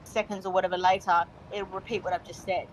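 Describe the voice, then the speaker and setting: A woman's voice: on the low side, little pitch movement, fast talker, a little hiss or hum, rough recording. A woman from England chatting over the phone with a streamer, talkative and hesitant, with lots of fillers. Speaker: friend on phone call. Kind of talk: casual chat.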